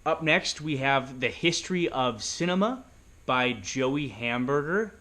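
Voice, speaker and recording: Man hosting live stream, upbeat emcee, medium pitch. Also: lively intonation, a little slow, bright, forceful tone. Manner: upbeat, introduces acts. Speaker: host of a live short film contest.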